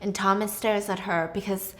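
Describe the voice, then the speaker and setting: A woman hosting a casual movie recap, chatty and animated, swearing freely as she tells it. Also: mid-range voice, moderate pace. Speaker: host.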